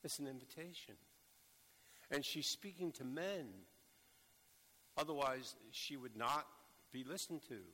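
A male preacher delivering a sermon at an unhurried, measured pace. His voice is bright and forceful, breaking into urgent emphasis at times. It rings with a long reverb, as if recorded in a large hall. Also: mid-range voice. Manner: slow, deliberate delivery with bursts of urgent emphasis.

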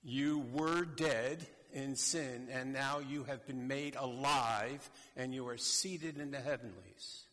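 A man preaching a sermon slowly and emphatically, addressing a congregation. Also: mid-range voice, fairly bright tone. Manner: slow, deliberate, emphatic preaching. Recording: long hall reverb.

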